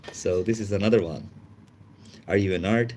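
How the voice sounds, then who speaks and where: A man hosts a casual livestream, chatting in halting, English. His voice sits a little low, and he breaks into laughs often. A faint background hiss runs under the talk. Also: darkish tone. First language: Chinese. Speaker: livestream host.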